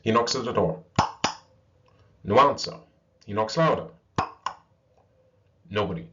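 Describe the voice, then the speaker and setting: A man's voice: fairly low pitch, animated, measured pace, highs cut off, background noise. Man reading a fairy tale aloud. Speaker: storyteller. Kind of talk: storybook read-aloud.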